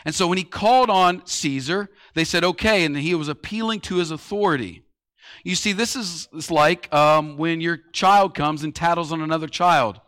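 Man, sermon, conversational preaching, everyday analogies, high-pitched. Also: normal speed, fairly bright tone. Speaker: pastor.

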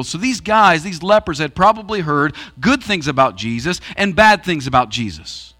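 Bright-voiced man preaching with a mains hum. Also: on the high side, moderate pace, few pauses. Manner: animated preaching, swings between loud and hushed. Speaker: pastor. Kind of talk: sermon. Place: church auditorium.

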